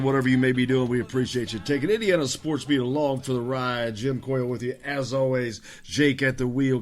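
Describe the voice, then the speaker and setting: A man hosting a sports radio show in a studio, talking in an easygoing, rambling way with frequent pauses to regroup. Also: mid-range voice. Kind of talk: casual radio talk.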